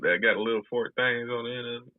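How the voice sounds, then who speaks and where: A man's voice: mid-range voice, steady tone, fast talker, no room sound. A man in casual chat, dropping short amused reactions and asides. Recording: dry tinny phone-like sound.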